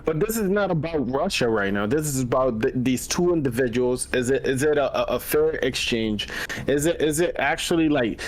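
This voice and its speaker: A man hosting a casual podcast chat, excitable and stammering as he argues his point. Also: medium pitch, normal speed. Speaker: podcast host.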